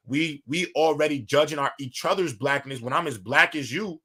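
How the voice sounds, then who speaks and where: Bright, emphatic man making a point. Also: on the high side, normal speed, husky. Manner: emphatic, argumentative. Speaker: podcast co-host. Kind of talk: casual debate chat.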